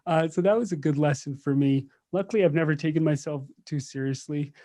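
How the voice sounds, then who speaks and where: Guy from the us chatting on a podcast about meditation, jokey, laughs a lot, soft dark tone. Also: fairly high pitch, a little fast. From United States. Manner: joking, laughs often, acts out quoted voices. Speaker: meditation teacher, podcast guest. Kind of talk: casual conversational storytelling.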